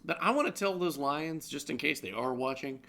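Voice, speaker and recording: A man's voice: a little high, expressive, fairly quick, a bit bright. A man co-hosting a comedic live-streamed news roundup, rambling and joking, often laughing. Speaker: co-host.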